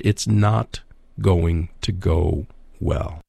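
Male radio Bible teacher, low gravelly voice, emphatic and conversational. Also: lively intonation, normal speed, a little mellow, no echo. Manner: emphatic, conversational, repeats key points.

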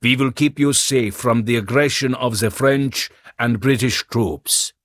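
A man's voice: medium pitch, a little slow, fairly bright tone, no echo, natural voice. A man voicing a pompous German-accented radio announcer who declaims occupation propaganda in a stiff, official manner. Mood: proclaiming. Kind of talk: audiobook character voice.

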